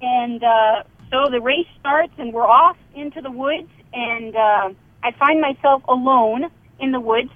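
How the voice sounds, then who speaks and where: A woman's voice: high voice, dry recording. A middle-aged woman, an author and radio guest, telling a family story and acting out the voices in it. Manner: vivid storyteller, acts out quoted dialogue. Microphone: telephone. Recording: tinny phone line.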